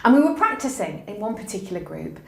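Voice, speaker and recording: A woman's voice: medium pitch, big pitch swings, fast talker, creaky. A middle-aged woman, a university educator, answering interview questions in an emphatic, encouraging way and telling anecdotes. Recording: echoey room.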